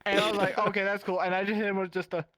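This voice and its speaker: A mid-pitched speaker tells a wild story with loads of swearing, jumping into little acted-out quotes along the way. The voice sits close and dry on the mic. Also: rapid-fire, dry recording. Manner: animated, swearing, acting out quotes. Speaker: podcast guest, roleplayer. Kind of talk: animated casual storytelling.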